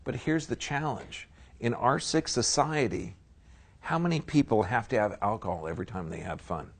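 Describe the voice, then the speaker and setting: A man of ordinary pitch lectures a seminar audience in a folksy, emphatic way. He talks straight to the room and keeps checking that people are following him. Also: normal speed. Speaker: seminar speaker.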